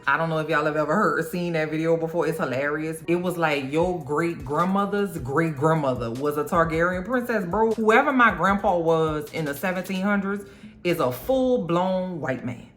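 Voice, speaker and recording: A woman vlogger giving a sassy, slangy, animated recap of a TV episode. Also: deep voice, moderate pace. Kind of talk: casual show recap.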